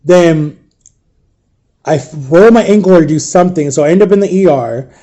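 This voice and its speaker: A man recounting a painful story in an emotional storytime vlog, subdued and grieving, halting and repeating himself. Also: fairly high pitch, mellow. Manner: halting, repetitive retelling. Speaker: vlogger.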